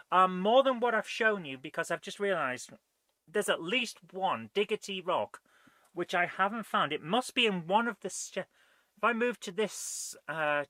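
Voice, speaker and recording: A man hosting a live gaming stream, chatting loosely and thinking aloud. His voice is bright and slightly high for a man. The sound is dry and close. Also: dry recording. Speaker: host.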